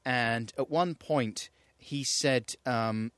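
A man's voice: mid-range voice, extremely slow, a bit bright, clean tone, dry recording. A man from England co-hosting a radio show in joking, playful casual chat, slipping into put-on voices.

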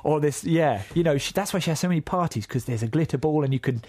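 A man's voice: fairly high pitch, quick pace, dry recording. Joking man in a dry studio. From Essex, England. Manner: jokey, animated, laughs often. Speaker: radio co-host. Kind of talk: casual comedy chat.

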